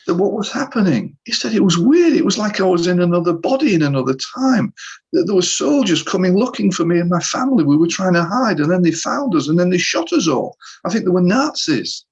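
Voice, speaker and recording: Gravelly middle-aged storyteller. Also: male voice, high voice, fairly quick, highs cut off. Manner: animated storyteller who re-enacts scenes, with frequent restarts. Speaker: hypnotherapist guest. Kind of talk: storytelling in a conversational interview.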